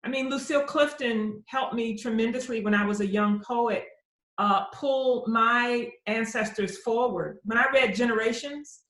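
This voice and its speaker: Animated woman poet on an echoey call. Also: a little high, measured pace. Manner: animated storyteller acting out quoted voices. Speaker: poet answering audience questions. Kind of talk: conversational Q&A at a virtual book launch. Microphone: computer mic on a video call. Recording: roomy echo on a video call.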